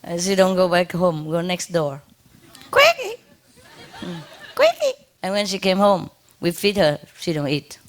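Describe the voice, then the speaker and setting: A woman's voice: fairly low pitch, steady tone, normal speed, few pauses. A woman telling a story to an audience. She laughs often, repeats her words and stops to imitate sounds.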